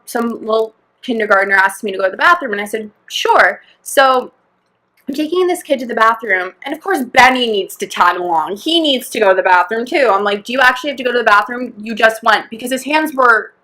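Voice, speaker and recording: Young woman podcast cohost, kinda high bright voice, rambly story w lots of "like" and quotes. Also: animated, moderate pace. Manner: rambling, laughing, full of "like" and acted-out quotes. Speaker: podcast co-host. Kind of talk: casual chat storytelling.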